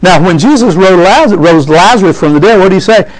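Lively preacher man with a higher voice. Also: brisk, poor audio. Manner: lively preaching, calls out "amen?" to the congregation, reads scripture aloud. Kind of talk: sermon.

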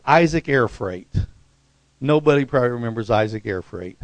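Middle-aged male preacher, gravelly, dry close sound, animated delivery with loud high bursts. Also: no echo. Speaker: pastor. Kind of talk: sermon.

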